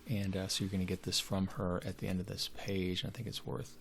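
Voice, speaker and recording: A man's voice: sits low, flat delivery, quick pace, vocal fry, slight background noise. A man giving a literature lecture, hesitant and full of fillers and restarts. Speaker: literature teacher.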